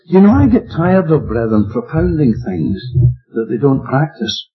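A man's voice: a little high, sing-song, a little slow, husky. A man preaching an expository Bible teaching, emphatic and plain-spoken, asking his listeners rhetorical questions. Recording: dull lo-fi recording with faint music.

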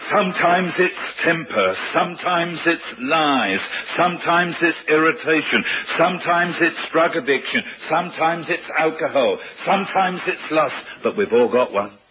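A man's voice: a little high, expressive, unhurried, few pauses, dull audio, background noise. A man from preaching a sermon, asking rhetorical questions and rising to emphatic peaks. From London.

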